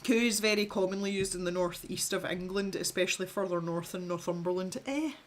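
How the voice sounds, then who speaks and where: A woman's voice: fairly low pitch, flat delivery, fairly quick. A Scottish woman with a mild accent hosting an art livestream, chatting casually and reading out viewer comments, with lots of laughter and rambling restarts. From Scotland.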